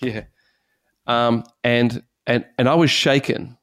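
A man, a pastor, giving an earnest, animated personal testimony in conversation. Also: mid-range voice, slow, dry recording, studio quality. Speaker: pastor and guest speaker.

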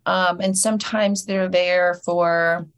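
A female dentist and educator talking in a casual interview, telling her story in a thoughtful, measured way. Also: on the low side, steady tone, clean tone.

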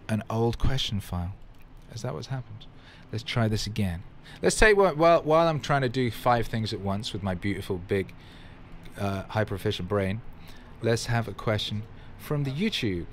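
A man's voice: mid-range voice, lively intonation, normal speed, a little hiss or hum. A man hosting a motivational livestream, talking emphatically with bursts of exclamation and swearing, and reading out viewer comments. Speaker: livestream host.

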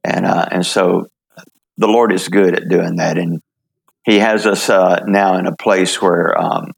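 An older man from the United States telling his story in an interview, halting, with many fillers and restarts. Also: low voice, fairly even intonation, vocal fry, breathy edge. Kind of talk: relaxed testimony in conversation.

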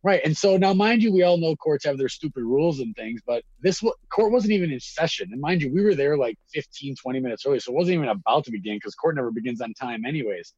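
A man's voice: medium pitch, fast, few pauses, breathy edge, no room sound, dull audio. Rambling man telling a story. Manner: rambling, animated, swears freely. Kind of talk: casual storytelling.

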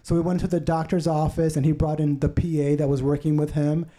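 A man shares his personal testimony on a podcast, earnest and heartfelt. His voice sits a little high but sounds very dark and mellow. He slips into the voices of others as he retells what they said. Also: level tone, brisk. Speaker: podcast guest.

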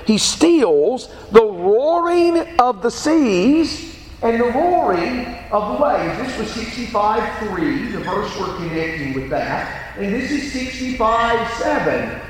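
High, lively preaching man in an echoing hall. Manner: emphatic preaching, quotes scripture aloud. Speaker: pastor. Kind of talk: sermon. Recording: echoey hall with faint ambient noise.

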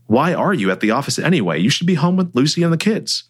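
A calm male client and mentor, measured and firm, with a voice that still moves a lot in pitch, as a man reads him. He delivers hard news gently in a storybook reading. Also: slightly rough. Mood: hesitant.

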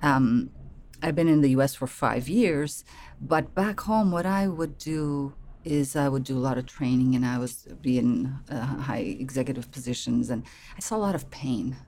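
Middle-aged portuguese lady, low voice, chatty coach telling her story, acts out her old thoughts. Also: moderate pace, dark tone. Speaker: interview guest, life coach. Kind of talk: conversational interview.

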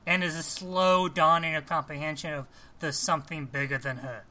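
A man co-hosting a casual talk show about films, animated and often restarting his sentences. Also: a little high, a little fast. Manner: animated, restarts often, acts out quoted lines. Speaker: podcast co-host. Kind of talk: casual film discussion.

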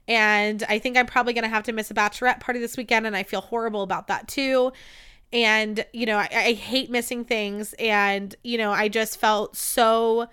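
A young woman hosts her own podcast in a casual storytelling monologue. Her voice sits a little high and sounds clean and smooth. She gushes, swears without a second thought, mocks herself, and scatters "like" through every sentence. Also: a bit bright. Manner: gushing, profane, self-mocking, many "like" fillers. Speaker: podcast host.

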